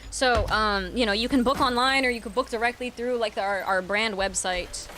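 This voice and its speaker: A woman's voice: a little high, moderate pace, soft background music. Woman ranting profanely while gaming. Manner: profane ranting, sudden loud outbursts. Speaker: game streamer. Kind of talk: casual chat while gaming.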